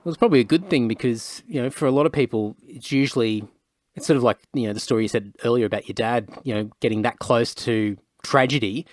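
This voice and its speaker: A man's voice: mid-range voice, quick pace, no room sound, studio quality. An Australian man hosting a podcast, talking in a rambling, conversational way with many fillers. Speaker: podcast host. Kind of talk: casual chat.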